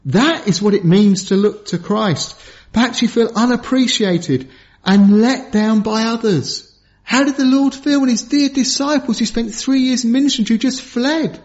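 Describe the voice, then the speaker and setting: A man preaching a sermon in an earnest, pleading way, dropping low and soft for emphasis. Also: normal speed. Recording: dull lo-fi sound.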